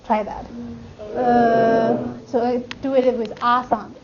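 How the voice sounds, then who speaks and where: High-voiced woman teaching tones in a classroom. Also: fairly even intonation, normal speed. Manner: demonstrates tones by drawing out and singing vowel sounds. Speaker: language teacher. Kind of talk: classroom instruction. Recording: lo-fi classroom recording with clear noise.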